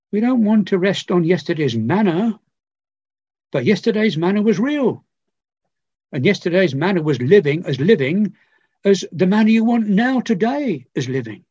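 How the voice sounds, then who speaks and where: An older man preaching a sermon, earnest and pleading, with repeated phrases and long pauses. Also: sits high, mellow, breathy edge, dry recording. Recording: dull lo-fi recording.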